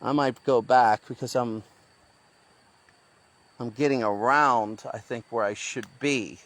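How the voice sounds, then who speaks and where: A man's voice: mid-range voice, fairly even intonation, takes it slowly, a bit bright. A man vlogging as he hikes through the jungle outdoors, thinking aloud as he goes. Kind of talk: talking to camera while hiking. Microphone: handheld phone.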